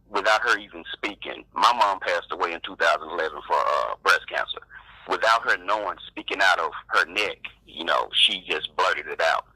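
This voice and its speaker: A man calling in to a live show, talking in a halting way with many fillers. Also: sits low, no room sound. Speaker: caller. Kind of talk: casual phone-in chat. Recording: dry, bright phone line.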